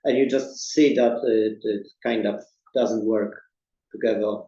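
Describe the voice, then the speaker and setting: Low gravelly guy answering webinar q's, dark tone, echoey dull audio. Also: fairly even intonation, a little slow, a little hiss or hum. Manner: thoughtful, repeats words at starts. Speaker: presentation designer. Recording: roomy, dull lo-fi sound.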